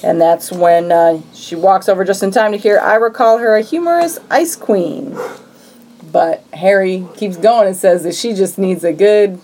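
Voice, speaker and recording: A woman co-hosting a podcast, casually retelling a movie plot in a lively storytelling way and acting out lines from scenes. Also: medium pitch, normal speed, slight background noise, poor audio. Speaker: podcast co-host. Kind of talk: casual movie recap chat.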